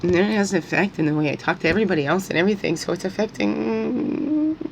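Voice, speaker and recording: A woman's voice: mid-range voice, expressive, fast, gravelly, a little hiss or hum, poor audio. Woman rambling through tears. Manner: rambling, repeats words, voice rises when upset. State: crying at times. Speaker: spiritual guidance vlogger. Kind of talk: emotional personal monologue.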